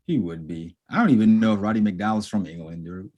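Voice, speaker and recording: A man's voice: lowish voice, lively intonation, fast, highs cut off, crowd noise. A man co-hosting a podcast in casual chat, slangy and swearing freely. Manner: slangy and profane, calls people bro. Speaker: podcast co-host.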